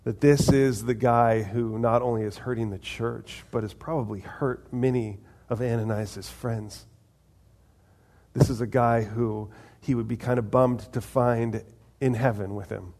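A man's voice: medium pitch, steady tone, measured pace, darkish tone. Man preaching a conversational sermon. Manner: conversational, asks the audience questions, acts out voices of God and people. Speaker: pastor.

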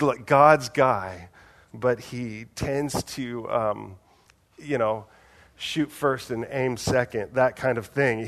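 A man giving a conversational sermon, casual and animated, with big swings in loudness and a soft, low voice when he quotes someone. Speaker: preacher.

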